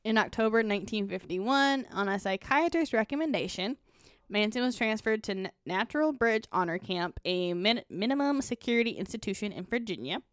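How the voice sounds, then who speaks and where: A woman's voice: mid-range voice, expressive, a little fast, dry recording, clean studio sound. A young woman co-hosting a casual true-crime podcast, reading from notes and breaking off for blunt, profane asides. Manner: reads notes then adds blunt, profane asides with laughs. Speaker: podcast co-host.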